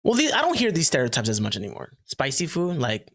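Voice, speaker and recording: A man hosting a podcast in casual chat, loud, joking and full of slang. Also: mid-range voice, wildly swooping pitch, fast, gravelly. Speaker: podcast host.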